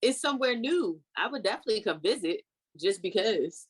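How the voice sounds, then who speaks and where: A woman's voice: medium pitch, lively intonation, a little fast, breathy edge, no echo. A woman co-hosting a podcast in casual banter, teasing and laughing often. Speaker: podcast co-host.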